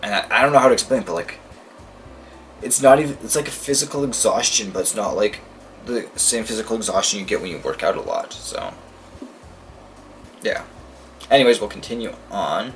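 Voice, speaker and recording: Gaming host, male, tired and rambling; wildly varied pitch, faint music underneath. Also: very animated, fairly quick, long pauses, recorded from a distance. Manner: rambling, lots of fillers. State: tired and worn out. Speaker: let's play host. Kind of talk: casual gaming commentary and reading aloud.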